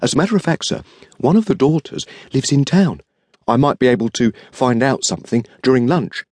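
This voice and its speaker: A man's voice: mid-range voice, very animated, brisk, a little mellow, no room sound, clean studio sound. A male audiobook narrator voicing a polite, refined young dandy who works in an art shop, speaking eagerly and deferentially. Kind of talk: audiobook character reading.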